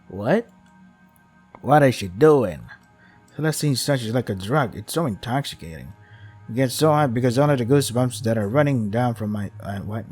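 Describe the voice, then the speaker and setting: A man's voice: mid-range voice, darkish tone. A man reading a visual novel aloud, with wry asides that include swearing. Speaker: game streamer.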